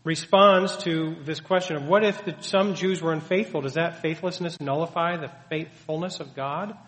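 A man's voice: a little high, steady tone, normal speed, fairly bright tone. A man preaching a sermon, teaching earnestly and emphatically with many rhetorical questions. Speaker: pastor. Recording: long hall reverb.

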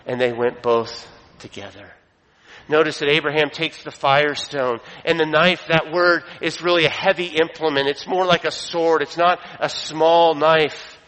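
A man preaching a sermon, his delivery swelling for emphasis and then dropping low. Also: a bit bright. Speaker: pastor. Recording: long reverb of a hall.

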